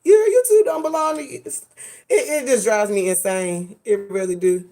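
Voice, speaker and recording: Sassy woman vlogger, animated. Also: on the high side, moderate pace, gravelly. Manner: animated, dramatic, sassy with slang. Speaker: host. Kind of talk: casual commentary vlog.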